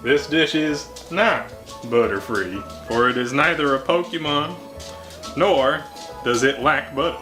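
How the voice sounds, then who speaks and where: A man's voice: on the high side, unhurried. Goofy man narrating his cooking. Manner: goofy, deadpan wordplay. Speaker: cooking show host. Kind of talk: casual cooking vlog narration. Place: home kitchen. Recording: music playing underneath.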